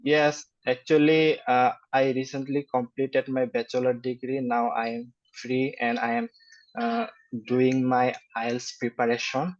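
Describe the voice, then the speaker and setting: Young Bengali-native man in his twenties, halting exam answers at a crawl, dull low-fidelity recording. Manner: slow, hesitant, many fillers and flat syllable-timed delivery. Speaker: test candidate. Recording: dull lo-fi sound.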